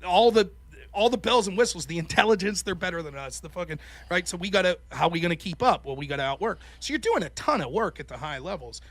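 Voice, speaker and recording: Fast and expressive, a podcast guest's high-sitting, somewhat bright voice carries a casual, animated chat. This former college debater swears all the time and reenacts what other people told him.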